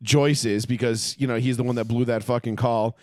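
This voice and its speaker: A man ranting in casual sports chat as a podcast co-host, profane and animated. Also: mid-range voice, a little fast, no echo, studio quality.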